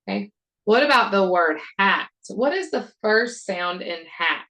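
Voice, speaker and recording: A woman teacher modeling a phonics lesson for other teachers, sounding out words and repeating prompts deliberately. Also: mid-range voice, sing-song, pushed and bright, rough recording. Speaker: reading intervention teacher.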